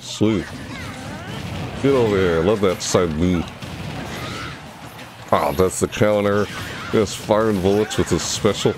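Excitable young man with a low voice. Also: a little slow, long pauses, background noise. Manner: excitable, yelps and shrieks high when hit. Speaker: gaming YouTuber. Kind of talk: live gameplay commentary. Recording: game music playing behind.

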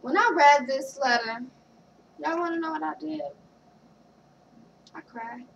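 A young woman telling a candid, halting story about her relationship and reading a card aloud. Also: sits high, vocal fry, distant mic, highs cut off, a little hiss or hum. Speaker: vlogger. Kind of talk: casual personal storytelling.

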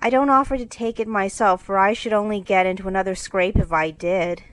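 A woman's voice: mid-range voice, steady tone, fairly quick, no echo, natural voice, rough recording. A woman reading as Jo, an impulsive tomboy girl. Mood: eager. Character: tomboyish, clumsy, lively teenage girl.

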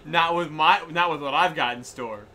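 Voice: medium pitch, normal speed, bright, forceful tone, a little hiss or hum. A game co-host riffing playfully during a let's-play session. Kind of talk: casual let's-play banter.

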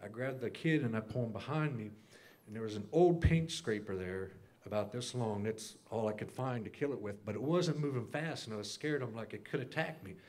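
A man in a church class recounting a long dream in detail, acting out the lines of the people in it and clearing his throat often. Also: mid-range voice, a little fast, darkish tone. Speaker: class member sharing a dream.

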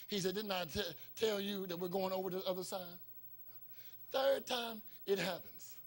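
Man, preacher, sermon, very high voice, bright edge, storytelling, bursts of shouting. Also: creaky. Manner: storytelling preacher acting out dialogue, swings from quiet to shouting. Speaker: pastor. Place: church sanctuary.

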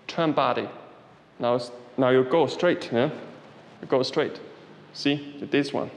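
A man's voice: mid-range voice, slow, vocal fry, a little hiss or hum. A man leading an exercise class in short commands and simple, non-native English, often checking in with "yeah?". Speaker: qigong instructor. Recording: echoey hall, voice from some distance.

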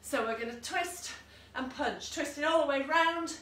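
Speaking at a moderate pace in a high, slightly bright voice, this woman teaches an online exercise class, mixing encouraging cues and countdowns with chatty asides. She's a fitness instructor working from a room at home, with a dog nearby. The echoey recording picks her up from afar, and there's faint background noise.

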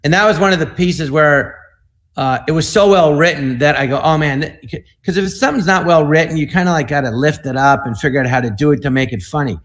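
A man in his sixties, a comedian and guest, telling stories in an animated way and acting out quoted voices over a video call. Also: fairly high pitch, fairly quick. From United States. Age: 60s. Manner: acts out quoted voices, with repeated "I go" and "he goes". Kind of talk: animated anecdotal storytelling.

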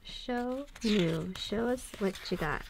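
Woman gushing while she unboxes stuff, slow talker, bit of vocal fry, noisy background. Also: mid-range voice. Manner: gushing, affectionate, frequent soft laughs. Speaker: K-pop fan unboxing photobooks. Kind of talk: casual unboxing commentary.

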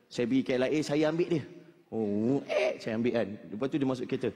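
A man's voice: medium pitch, very fast, warm tone, in a large hall. A man with a Malaysian English accent doing a stand-up routine, chuckling and hesitating with fillers as he mixes Malay and English. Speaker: stand-up comedian.

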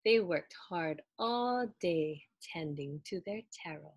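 A woman reading a children's picture book aloud in an expressive, animated storytelling way. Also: sits low, takes it slowly, husky, no room sound.

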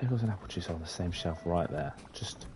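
A British man giving chatty let's-play commentary, muttering at the game with sing-song hums and sudden high exclamations. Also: fast. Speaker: gamer playing for his sons.

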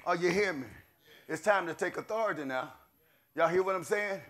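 A middle-aged man preaching a sermon, swinging between shouted declarations and low murmured asides. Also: fairly quick.

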